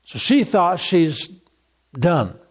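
A man with a high, bright-edged voice preaching with emphatic, repeating phrases. He drives home his point again and again, slipping into quoted lines along the way. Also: big pitch swings, drawn-out words. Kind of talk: sermon.

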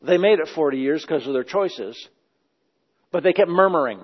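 A man's voice: mid-range voice, brisk. A man preaching a sermon, emphatic and repeating his phrases as he praises. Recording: dull, echoey hall sound.

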